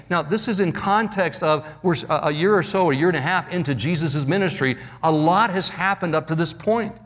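Preacher, male, slightly high pitch, acts out quotes, reverberant hall. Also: fairly bright tone. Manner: dramatic, acts out Bible quotes, slows for emphasis. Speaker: pastor. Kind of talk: sermon.

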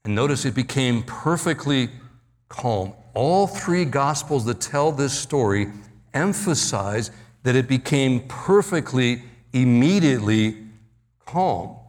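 A man's voice: medium pitch, lively intonation. Dramatic preacher man, church reverb. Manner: dramatic, acts out Bible quotes, slows for emphasis. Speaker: pastor. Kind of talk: sermon.

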